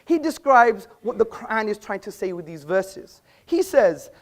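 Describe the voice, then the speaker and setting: A man's voice: high voice, sing-song, moderate pace. Emphatic man giving a debate speech. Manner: emphatic, rhetorical, addresses the audience. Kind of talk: live public debate speech. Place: auditorium with an audience.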